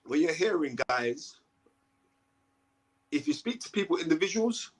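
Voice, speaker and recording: A man's voice: fairly high pitch, very animated, a little slow, slightly rough. A man, a boxing commentator, talking emphatically as a guest and often checking in with "right?". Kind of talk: animated interview talk.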